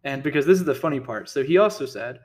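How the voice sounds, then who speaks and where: A man delivering a casual commentary rant in a middle-pitched voice. He sounds heated and indignant throughout, tripping over his words and restarting sentences as he argues. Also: expressive, quick pace, darkish tone. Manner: heated, indignant, repeats himself and restarts often. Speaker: political commentator.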